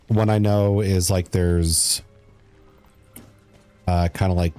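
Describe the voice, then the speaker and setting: Low, slow, mellow-voiced male streamer. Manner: chatty, reads chat aloud, mutters while playing. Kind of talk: casual gameplay commentary.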